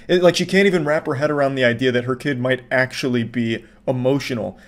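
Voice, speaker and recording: Deadpan sardonic male commentator. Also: medium pitch, fast talker, few pauses. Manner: deadpan, sardonic, swears freely. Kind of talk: sarcastic reaction commentary.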